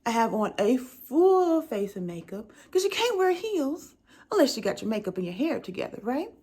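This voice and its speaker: A woman's voice: fairly high pitch, normal speed, breathy edge. A young adult woman telling a comedic story in a conversational way, keeps checking in with the listener. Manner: animated, conversational, keeps asking the listener "right?".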